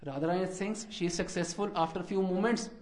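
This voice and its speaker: A man giving a devotional storytelling talk, animated and acting out birds and characters in quoted voices. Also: sits high, fast. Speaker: religious speaker.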